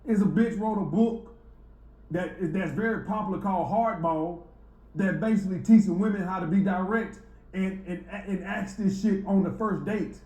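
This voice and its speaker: A man's voice: high-pitched, normal speed, a little mellow, echoey room, poor audio. A man in a played clip, talking crudely and defiantly about dating. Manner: profane, defiant. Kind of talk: crude heated talk.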